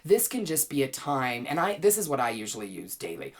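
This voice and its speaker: A woman teaching a well-being class, gently and playfully guiding listeners through calming exercises with easy laughs. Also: rumbling low, brisk. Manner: playful, chatty, laughs easily. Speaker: wellness teacher and author.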